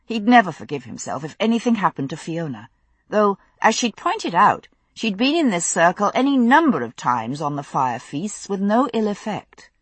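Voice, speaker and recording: Husky, expressive female audiobook narrator. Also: mid-range voice, no echo. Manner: measured, expressive storytelling.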